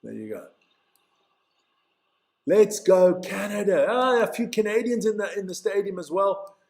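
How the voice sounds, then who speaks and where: A man from Switzerland giving chatty, excitable live play-by-play commentary for a stream, stumbling over player names and reading out the chat. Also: high-pitched, a little slow, creaky, roomy sound.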